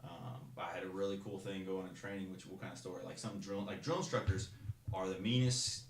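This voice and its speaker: A young man tells his stories in a loose, rambling way, restarting his sentences as he goes. He talks quickly in a lowish voice. The room around him is noticeably echoey. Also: fairly even intonation, slight background noise. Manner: rambling, with restarts and acted-out shouted quotes. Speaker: guest. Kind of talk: casual storytelling.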